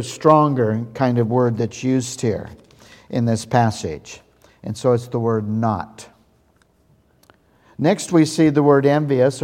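Pastor guy preaching slow, mellow warm voice, big reverby church hall. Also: medium pitch. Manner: slow, deliberate, stresses key words. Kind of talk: sermon.

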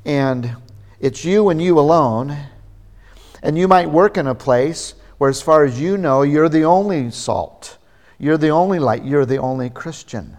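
A pastor preaching a sermon, a man who speaks slowly and deliberately, pausing for emphasis. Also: fairly high pitch, darkish tone.

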